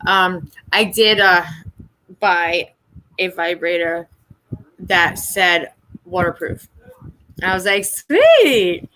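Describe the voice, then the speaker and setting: Bright-voiced woman telling blunt, profane stories. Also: fairly low pitch, slow pace, long pauses, rough recording. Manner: blunt, profane storytelling with animated re-enacted quotes. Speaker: host. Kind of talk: candid casual live chat.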